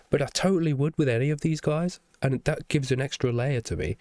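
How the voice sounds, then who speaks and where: A young music reaction YouTuber, his voice nasal and congested from the flu, rambles casually and enthusiastically through a reaction, swearing and often asking "you know what I mean?". His medium-pitched, slightly mellow voice is animated at a normal speed, recorded in clean studio sound with no echo.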